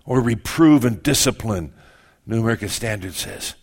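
An older man, a pastor, preaching a sermon with lively asides and quick self-corrections. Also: mid-range voice, slightly rough.

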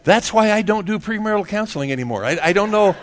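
A man's voice: high voice, lively intonation, fast, slight background noise. A middle-aged male pastor giving a casual, joking sermon, laughing often and tagging "man" onto his sentences.

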